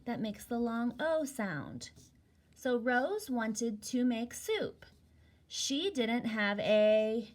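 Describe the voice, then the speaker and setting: A woman teaching a phonics lesson to young children, slowly and patiently spelling words out letter by letter. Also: mid-range voice, darkish tone.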